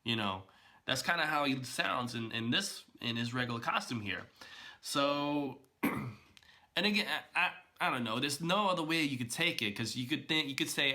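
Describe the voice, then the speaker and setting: Guy doing a reaction vlog, bright forceful voice, chatty, keeps restarting his sentences. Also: medium pitch, moderate pace. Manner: chatty and animated, with frequent fillers and restarts. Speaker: video blogger reacting to a trailer. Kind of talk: casual reaction commentary.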